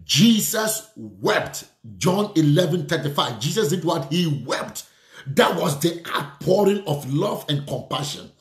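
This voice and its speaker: A man's voice: a little high, animated, normal speed, reverberant. A man preaching a sermon, fervent and repetitive, speaking declarations and prayer over his listeners.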